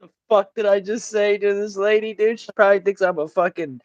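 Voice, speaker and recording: A man's voice: high-pitched, steady tone, fairly quick, no room sound, muffled recording. A man hosting a livestream chat, joking crudely, laughing often and mimicking voices. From Italian family background. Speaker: livestream host. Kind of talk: casual chat.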